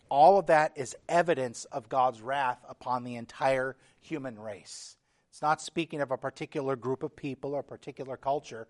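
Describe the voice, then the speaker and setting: A man preaching a sermon as pastor, earnest and emphatic, reading scripture aloud with feeling. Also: medium pitch. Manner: earnest preaching, building emphasis with repeated phrases.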